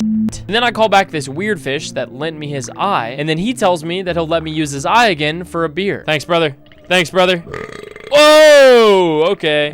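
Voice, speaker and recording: A young man commentating and narrating a horror game, excitable and slangy, swearing often. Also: a little high. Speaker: gaming YouTuber.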